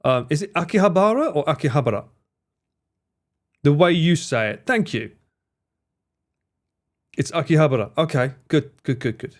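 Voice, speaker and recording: A man's voice: fairly high pitch, lively intonation, a little slow, pauses often. A man streaming live, chatting casually and laughing as he reacts to a video and his chat.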